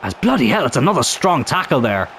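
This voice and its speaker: A man commentating his own football video game match in a casual, chatty way, getting excited at big chances. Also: mid-range voice, fast talker, a little hiss or hum. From Ireland.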